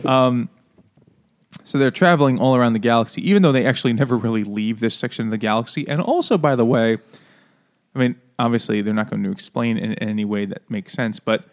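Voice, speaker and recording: A man co-hosting a casual podcast over beers, joking, swearing and laughing often. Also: mid-range voice. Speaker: podcast co-host.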